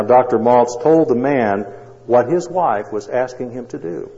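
A male pastor preaching a sermon, telling a story dramatically with long pauses. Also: mid-range voice, warm tone. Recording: dull sound, long hall echo.

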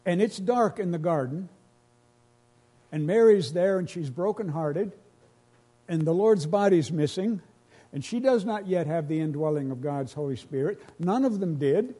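A man's voice: a little high, lively intonation, normal speed, warm tone, slightly rough. A pastor preaching a sermon to his congregation, earnest and emotional, repeating phrases as he builds each point.

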